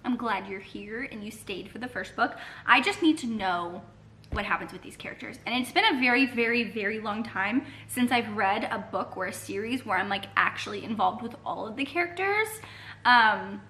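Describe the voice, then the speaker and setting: This woman's voice sits a little high, bright and forceful with a slightly rough edge, moving at normal speed with lively intonation. A book vlogger, she rambles and gushes through a casual reading vlog, full of fillers and restarts, shot handheld from her couch in the living room.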